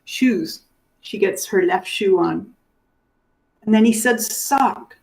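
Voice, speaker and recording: Woman dementia educator, lively storyteller, voices the people she describes. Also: medium pitch, takes it slowly, vocal fry. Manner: animated, acts out the people in her stories. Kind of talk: teaching through stories.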